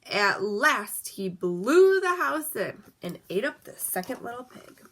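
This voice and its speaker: A woman reads a children's storybook aloud, her voice bright and fairly high. She swings her pitch widely as she tells the tale, then drops soft and quiet for the asides. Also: slow pace. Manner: lively, expressive reading with soft asides.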